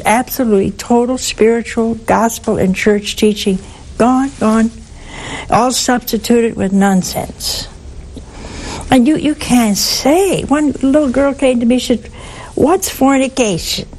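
A woman giving a sermon in a slow, deliberate way, with asides and some softly whispered stresses. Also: a little high, rough recording. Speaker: preacher.

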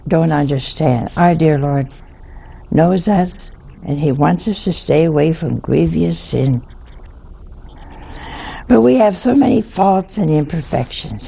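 An older woman, a nun, telling a humorous story in a slow, folksy manner. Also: deep voice, expressive, vocal fry, warm tone, a little hiss or hum. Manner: slow, folksy anecdotal delivery.

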